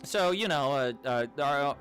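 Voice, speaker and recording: A man's voice: a little high, animated, a little slow, fairly bright tone, soft background music. A man hosting a let's play, reading a visual novel aloud with wry, exasperated asides.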